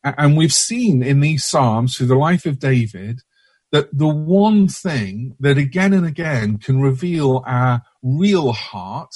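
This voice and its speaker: A man's voice: medium pitch, lively intonation, takes it slowly, darkish tone, slightly rough, dry recording. A man preaching a sermon in a church, hesitant, with frequent restarts and fillers.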